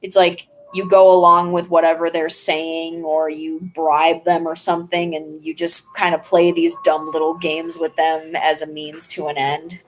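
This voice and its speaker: A woman's voice: low voice, flat delivery, a little slow, hardly any pauses, faint music behind, rough recording. A young woman vlogger chatting casually and rambling while she draws. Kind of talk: casual chat while drawing.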